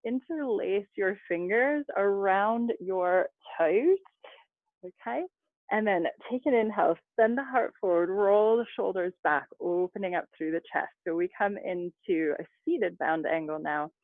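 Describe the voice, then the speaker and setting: A woman leading a yoga class over a video call, giving calm, chatty cues with little laughs and asides. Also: medium pitch, measured pace, no echo. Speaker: yoga instructor. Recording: dry, phone-like video call audio.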